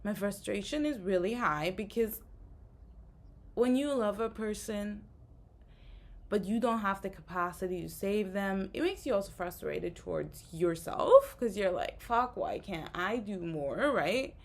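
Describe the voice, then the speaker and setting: Tired, ranting woman with gravelly voice. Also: mid-range voice, animated, unhurried. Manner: rambling, frustrated, many fillers. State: tired, exhausted. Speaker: vlogger. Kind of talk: casual spoken rant to camera.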